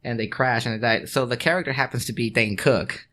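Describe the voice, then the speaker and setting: Co-hosting a podcast, a man with a brisk, bright, forceful mid-range voice rambles in casual chat. He swears, restarts often, and laughs a lot.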